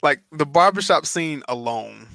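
A young man trades blunt jokes on a podcast, swearing freely. His voice is gravelly yet bright and forward, and his pitch moves a lot as he talks. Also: expressive, measured pace. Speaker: podcast co-host. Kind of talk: casual chat.

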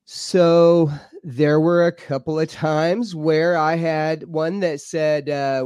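A man, a paranormal researcher, telling his experiences as a podcast guest in an excitable, rambling way. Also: fairly high pitch, slow pace, clean tone, no echo. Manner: excitable, rambling, repeats himself. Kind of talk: animated storytelling. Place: home studio.

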